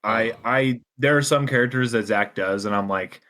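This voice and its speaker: A man's voice: medium pitch, moderate pace, bright, forceful tone. Male podcast guest, casual and eager, full of "like" and restarts while giving game-master advice. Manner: enthusiastic, advice-giving, many fillers. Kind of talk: casual chat.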